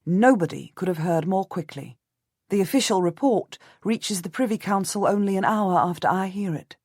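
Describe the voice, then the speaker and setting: A woman narrating a historical audiobook in the first person, measured and composed. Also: medium pitch, a little mellow, no echo, studio quality.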